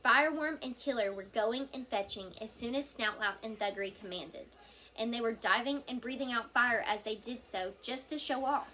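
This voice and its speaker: Bright-voiced woman reading a storybook aloud. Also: on the high side, moderate pace, slight background noise. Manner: expressive storytelling. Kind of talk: reading a children's novel aloud.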